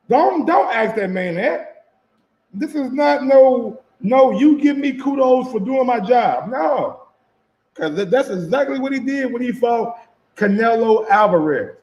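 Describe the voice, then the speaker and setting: High-voiced man in an echoey room. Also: lively intonation, unhurried, a little mellow, highs cut off. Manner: loose, profane, repeats himself, asks viewers questions. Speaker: sports commentator reacting to footage. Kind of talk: casual reaction commentary.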